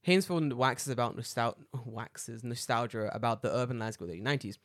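Fast, swearing London man. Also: medium pitch, no echo. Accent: London English. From United Kingdom. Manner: swearing, animated storytelling with acted-out quotes. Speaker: podcast co-host. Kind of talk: casual chat.

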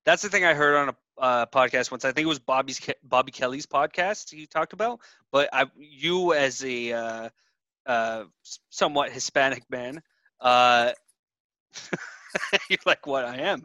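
A man's voice: medium pitch, unhurried, dry recording. A man co-hosting a podcast, telling stories in crude casual banter, swearing and laughing often. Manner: laughs often, swears freely, animated storytelling. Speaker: podcast co-host.

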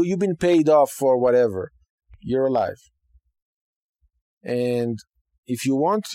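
A man's voice: medium pitch, no room sound. Dry-voiced man teaching casually. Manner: conversational, animated, frequent okay and right asides. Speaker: podcast host teaching Judaism.

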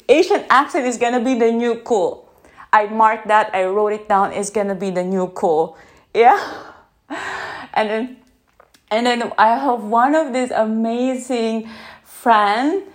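A woman who is not a native English speaker, talking slowly and gently in an unscripted podcast recorded on her phone, often checking in with "yeah?". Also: a little high. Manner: slow, gentle, reflective, asks listeners "yeah?". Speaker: podcast host. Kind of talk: unscripted reflective podcast talk.

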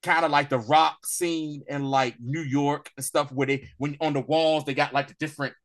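A man in casual review-chat mode, his voice sitting a bit high for a man. He talks in loose, rambling runs with fillers and often jumps up into excited, laughing impressions of the characters. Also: normal speed. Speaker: podcast co-host.

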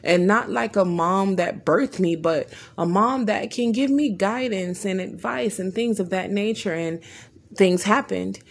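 Earnest woman with a gravelly fry. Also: mid-range voice, unhurried, slight background noise. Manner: earnest and emotional, retells dialogue with frequent restarts. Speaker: person sharing a personal therapy story. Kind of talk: candid personal storytelling.

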